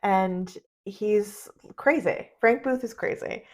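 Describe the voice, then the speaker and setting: A woman's voice: mid-range voice, slow pace, a little mellow. A woman co-hosting a podcast, recapping a film scene by scene in casual, conversational chat. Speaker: podcast co-host.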